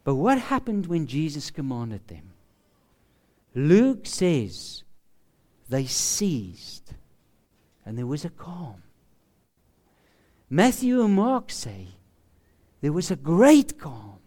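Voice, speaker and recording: A man preaching a sermon, slow and emphatic, often dropping to a hushed voice for effect. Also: on the high side, wildly swooping pitch. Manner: slow, emphatic preaching with dramatic drops to a hush.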